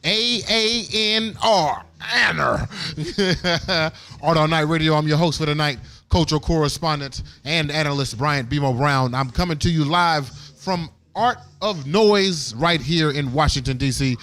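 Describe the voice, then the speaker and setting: A man's voice: fairly high pitch, unhurried, a bit bright. A man hosting a live radio show from a gallery event, playful and hyped, repeating his lines and teasing his guests. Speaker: host.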